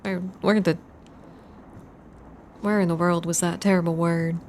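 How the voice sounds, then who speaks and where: A woman from Texas with a Texan accent reads a horror story on a live stream in a lowish, level, darkish voice at a slightly slow pace. She is chatty and laughs, tripping over hard words and repeating them. There is a little hiss or hum.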